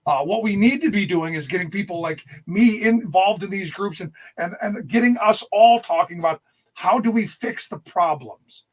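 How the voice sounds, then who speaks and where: Husky high-pitched man, blunt and emphatic. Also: moderate pace. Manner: emphatic, blunt, rising to near-shouts. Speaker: guest, political radio host. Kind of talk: political discussion.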